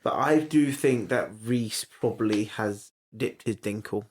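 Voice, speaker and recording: With a lowish voice and measured delivery, this young man co-hosts a podcast and talks casually about a TV episode. He's blunt and curses without restraint.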